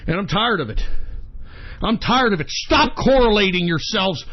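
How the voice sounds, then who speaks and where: A man hosting an internet radio show, ranting angrily and profanely, often shouting, on a dull lo-fi recording. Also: high-pitched, animated, normal speed. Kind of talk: angry talk-radio rant. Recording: dull lo-fi sound.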